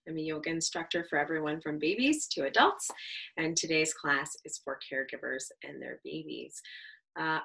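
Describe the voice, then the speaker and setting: A woman yoga instructor leading a baby yoga class for caregivers, talking in a gentle, encouraging, reassuring way with small laughs. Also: fairly low pitch, poor audio. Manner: chatty, with fillers and small laughs.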